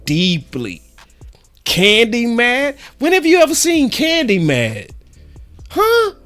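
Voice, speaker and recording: A very high-pitched man with wildly swooping pitch speaks slowly in a slightly bright voice over soft background music. Hosting his sports channel, he delivers a fired-up fan commentary monologue, slangy and preachy, repeating points for weight.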